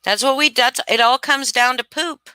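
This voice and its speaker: A woman's voice: high-pitched, moderate pace, pushed and bright, clean tone, dry recording. A woman hosting a casual live stream, gushing and swearing freely as she chats with viewers. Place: home.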